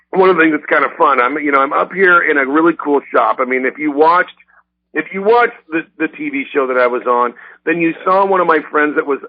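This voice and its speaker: Man, raspy gravelly voice, rambling casual talk, phone-line sound. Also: mid-range voice. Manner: rambling, filler-heavy car talk. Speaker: guest from a car magazine. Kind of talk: casual radio chat. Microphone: phone call.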